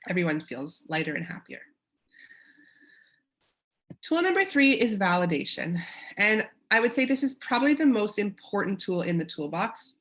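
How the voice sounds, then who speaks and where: A woman's voice: medium pitch, big pitch swings, moderate pace, pauses often, a bit bright. A woman with a Canadian accent presents a parenting webinar in an encouraging way, acting out short quotes of parents and children.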